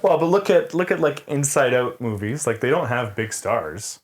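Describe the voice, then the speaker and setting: A man's voice: medium pitch, lively intonation, normal speed. A man co-hosting a casual film podcast, talking in a loose, wry way with lots of "like.". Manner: filler-heavy, says "like" often, wry. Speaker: podcast co-host.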